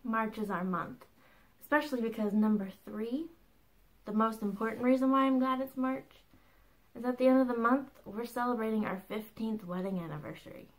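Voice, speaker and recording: A woman in her thirties hosts her own crafting podcast from home, her voice on the high side and her pace moderate, with poor audio quality. The chat is casual and bubbly, and she often breaks into a laugh between asides.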